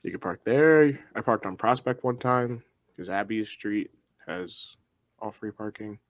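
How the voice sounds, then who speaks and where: A man's voice: on the low side, animated. A young man in casual chat as a podcast co-host, telling stories with frequent laughs. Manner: laughing storyteller, quick asides.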